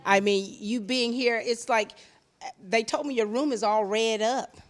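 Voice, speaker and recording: A woman's voice: on the high side, steady tone, unhurried. A woman hosting a TV tribute segment, prompting guests with short encouraging remarks. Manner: encouraging, brief affirmations. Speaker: TV host. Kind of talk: on-location interview.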